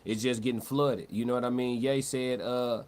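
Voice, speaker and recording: A man's voice: mid-range voice, fairly even intonation, moderate pace, darkish tone. Slangy male livestream commentator, talks loose. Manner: loose, conversational, repeats words and restarts, slangy. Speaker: livestream host. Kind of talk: live-stream commentary, reading chat.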